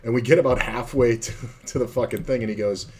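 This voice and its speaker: A man's voice: medium pitch, fairly even intonation, fast, a little mellow, slight background noise. A man from South Florida, streaming poker and telling a long, profane, rambling story full of fillers. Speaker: streamer playing online poker. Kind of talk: casual storytelling chat while playing.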